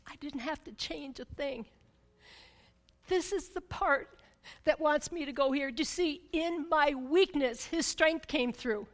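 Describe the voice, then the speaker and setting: A woman preacher telling a personal story in a sermon. She keeps asking "right?", and her voice swings from loud excitement to a hush. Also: sits high, unhurried. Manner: personal storytelling, emphatic, frequent "right?" asides; swings between loud excitement and hushed intensity. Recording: long hall reverb.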